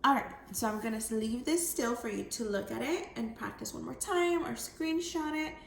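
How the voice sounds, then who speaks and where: A woman second grade teacher giving a recorded phonics lesson, explaining step by step in a clear way to young children. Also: on the high side, moderate pace. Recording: echoey room, faint background noise.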